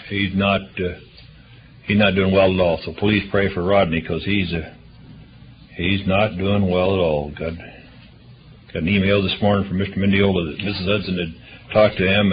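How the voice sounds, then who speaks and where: A man serving as church deacon, reading out prayer requests and announcements in a rambling, chatty way with frequent hesitations. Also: fairly low pitch. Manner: rambling, chatty, self-correcting with many uhs. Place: church meeting room. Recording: muffled livestream audio with faint hiss.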